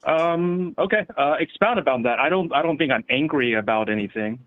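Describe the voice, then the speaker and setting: Measured thirties man on a phone line. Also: fairly high pitch, expressive. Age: 30s. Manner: measured, asks questions back. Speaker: caller. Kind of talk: calm debate on a call-in show.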